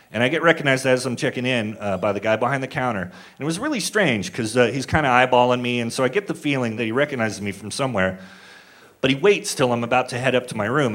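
A man's voice: mid-range voice, fairly bright tone. A male stand-up comedian telling a story on stage, conversational and acting out the people he quotes, with audience laughter behind him.

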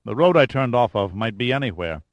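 A man's voice: medium pitch, animated, fairly quick, no room sound, muffled recording, lightly acted. A man reading as a confused, anxious Soviet man. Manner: urgent, increasingly desperate.

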